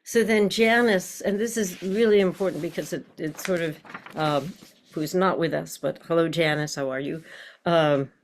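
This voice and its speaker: A woman's voice: fairly low pitch, steady tone, normal speed. A woman teaching an online group class over a video call, reflective and putting questions to the group.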